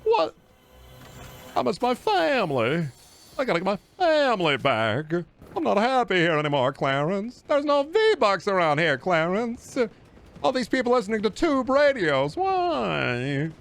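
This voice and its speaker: A man voicing a homesick, whining male 1940s film hero in a high, pleading voice. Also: huge pitch swings, measured pace, fairly bright tone, exaggerated voice.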